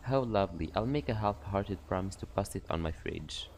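A man's voice: low-pitched, expressive, vocal fry, darkish tone, slight background noise. A man reading the lines of a sly, mocking female warden in a game, taunting her captives. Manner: taunting, drawn-out questions.

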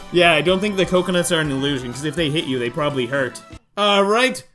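A man giving excitable let's-play commentary during a boss fight, pleading with and taunting the enemy as he plays. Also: fairly high pitch, fast. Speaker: gaming YouTuber. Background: game music.

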